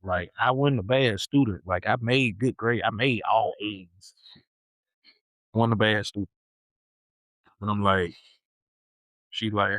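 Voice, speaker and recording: A man's voice: fairly low pitch, slow, pauses often, no echo, rough recording. A young man hosting a podcast, telling a story from his childhood in a casual, slangy way, with lots of repetition. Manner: animated, slangy, repeats himself. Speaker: podcast host.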